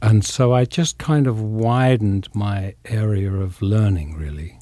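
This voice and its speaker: An older English actor talking reflectively in an interview, pausing often with fillers. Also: male voice, lowish voice, warm tone, no room sound. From England. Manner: thoughtful, pausing, many fillers.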